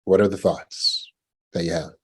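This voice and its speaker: Low and husky, this man's voice holds a steady tone at normal speed. As a trauma recovery coach giving a teaching talk about panic, he performs anxious inner voices with a rising tone and restarts sentences by repeating words.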